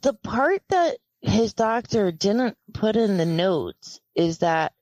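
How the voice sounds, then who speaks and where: A woman's voice: medium pitch, takes it slowly, dry recording, poor audio. A woman casually telling a story on a podcast, quoting people and laughing often. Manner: animated, quotes people in lively voices, laughs often.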